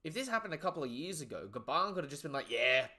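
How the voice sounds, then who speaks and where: A young man giving casual live reaction commentary, excitable and slangy, swearing freely and trailing off into low asides. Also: rapid-fire.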